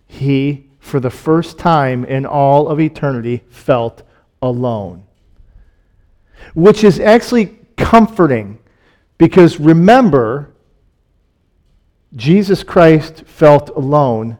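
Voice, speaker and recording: Male preacher, somewhat raised pitch, reads scripture and explains it conversationally. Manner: reads scripture aloud, then explains it in plain, conversational asides; drops to a soft, slow hush on solemn points, rises when excited. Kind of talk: sermon.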